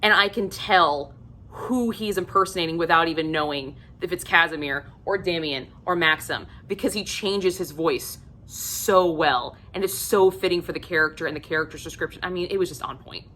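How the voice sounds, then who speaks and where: A woman's voice: on the low side, moderate pace, pushed and bright. A woman giving a casual video book review, gushing and effusive and swearing freely.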